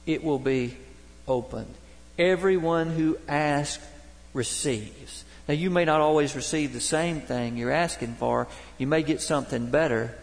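A Baptist pastor preaching a sermon, telling folksy, humorous stories from daily life. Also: male voice, medium pitch, creaky. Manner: folksy storytelling, homespun humor. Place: church sanctuary. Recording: long reverb of a church hall.

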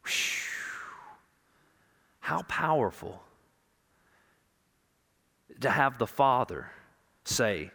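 Lively, slow-preaching male pastor in a hall. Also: medium pitch, vocal fry. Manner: impassioned, swinging from loud preaching to hushed intimacy; repeats words for emphasis. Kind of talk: sermon. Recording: long reverb of a large hall.

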